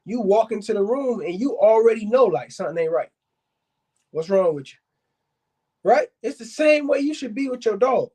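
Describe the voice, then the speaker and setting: A man with a high-pitched voice gives casual advice straight to his viewers. He is blunt and emphatic, repeating points for stress and calling his audience fam and y'all. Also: animated, a little fast, few pauses, mellow, slightly rough. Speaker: dog breeder and podcast host.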